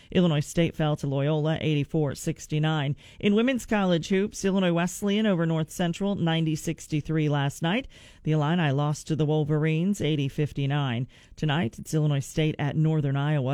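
A female radio news anchor moves between easy banter and brisk, clipped sports and weather reads. She speaks close to a studio mic. The sound is dry, with no room echo. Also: low-pitched, mellow. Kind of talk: casual chat and read news updates. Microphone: studio microphone.

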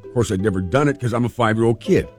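A middle-aged man from California, host of a storytelling show, telling a childhood story in a relaxed, chatty way with restarts. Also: mid-range voice, rapid-fire, faint music behind. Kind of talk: casual personal storytelling.

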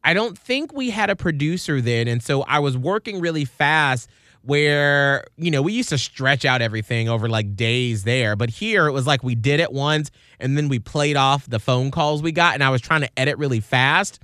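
A male radio host in a studio, swapping stories in a relaxed chat and jumping into higher, livelier voices when he quotes people. His tone is bright and crisp and sits a little high for a man, and the sound is dry and close. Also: moderate pace, no echo. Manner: animated, acts out quotes in a raised voice. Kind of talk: casual storytelling chat.

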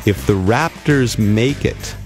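A man's voice: on the low side, slow, darkish tone, faint music behind. A man co-hosting a casual sports podcast, chatty and playfully teasing. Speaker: podcast co-host.

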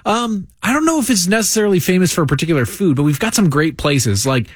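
A man's voice: sits high, animated, fast talker, breathy edge, dry recording. A man from Illinois telling a story on morning radio in a studio, affable and laughing. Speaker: radio host. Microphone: close studio mic.

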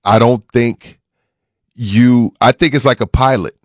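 A man in his forties hosting a sports radio show, talking in lively banter that turns loud and laughing when he gets riled up. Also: medium pitch, a little slow, no echo, studio quality. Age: 40s. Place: radio studio. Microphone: studio mic.

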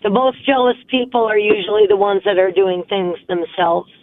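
A woman's voice: mid-range voice, moderate pace, dry recording. A woman calling in to a radio show, giving firm, emphatic opinions. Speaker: caller. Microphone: phone line. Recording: tinny phone line.

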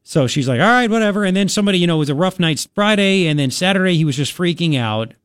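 A man's voice: on the high side, expressive, fast talker, no room sound, clean studio sound. A man hosting a talk radio show, chatting and rambling in a casual monologue with lots of restarts.

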